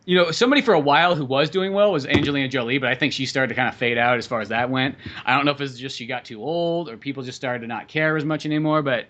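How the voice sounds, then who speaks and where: Fast-talking, bright-voiced podcast man. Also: mid-range voice, lo-fi sound. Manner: rambling, animated, heavy swearing. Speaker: podcast co-host. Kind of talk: casual movie chat.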